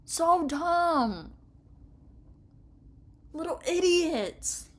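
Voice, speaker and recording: A woman's voice: extremely high pitch, animated, extremely slow, long pauses. A young woman giving casual reaction commentary on a story, exasperated and ranting with frequent laughter. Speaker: streamer reading an interactive story.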